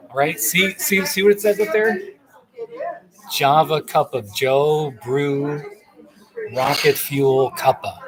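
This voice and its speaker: A man hosting a casual livestream from a busy coffee shop, chatty and playful as he reads questions aloud. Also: a little high. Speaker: livestream host. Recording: noisy coffee shop crowd. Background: loud crowd chatter.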